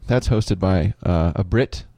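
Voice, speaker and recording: Low, dark-voiced joking co-host. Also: male voice, vocal fry, no room sound. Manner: dry joking, quick quips. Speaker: comedian co-host. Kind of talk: casual podcast chat.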